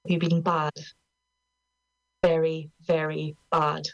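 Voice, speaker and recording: A woman's voice: low-pitched, little pitch movement, takes it slowly, dry recording. A woman putting on a posh, overly polite telephone voice, teasing and suggestive. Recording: dull lo-fi radio recording.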